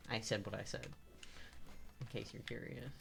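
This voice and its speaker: A man streaming live gameplay, rambling to himself and his chat, swearing and breaking into loud frustrated outbursts. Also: medium pitch, steady tone, normal speed, vocal fry, noisy background. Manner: self-talk with teasing asides.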